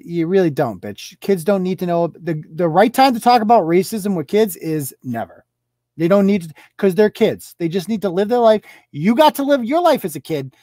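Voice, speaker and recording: A woman's voice: mid-range voice, dark tone, no room sound. A woman hosting a live show, delivering a sarcastic, profane, mocking rant. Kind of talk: profane ranting commentary.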